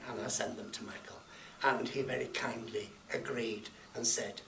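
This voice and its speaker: Brief: man, gravelly voice, rambling church testimony, echoey hall, distant mic. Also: medium pitch, steady tone, normal speed, a bit bright. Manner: rambling, chatty, chuckling asides. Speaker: lay homily speaker. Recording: echoey church, from far off, faint noise.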